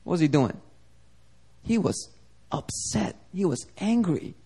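A young man preaching a sermon as pastor, talking casually, climbing to emphatic peaks and dropping soft and low. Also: big pitch swings, slow, long pauses, slightly rough.

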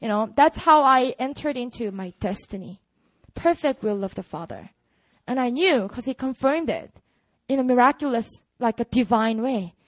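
A young woman with a Korean accent shares her testimony with a church, animated and chatty, leaning on "you know" as she goes. Her voice sits high, and the recording is dry and close with no room sound. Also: moderate pace, dry recording, low-quality recording. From South Korea. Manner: animated storytelling, frequent "you know" fillers. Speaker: ministry worker giving a testimony.

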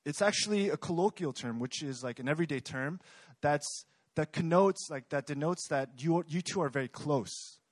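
A man's voice: on the high side, moderate pace, no room sound. A young man preaching a sermon in a conversational way, often asking the congregation questions. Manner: conversational, asks the audience questions.

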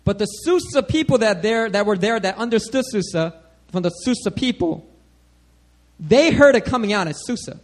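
A man with a notably high voice preaching a sermon. He teaches in a loose, animated way. He keeps checking in with the congregation as he goes. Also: normal speed. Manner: animated, checks in with "all right?" often.

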